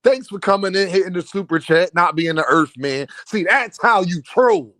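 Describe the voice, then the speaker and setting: A man hosting a boxing livestream in casual, profane street talk, reading super chats and repeating words in rapid stammering bursts. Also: high-pitched, expressive, fairly bright tone, dry recording. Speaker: livestream host.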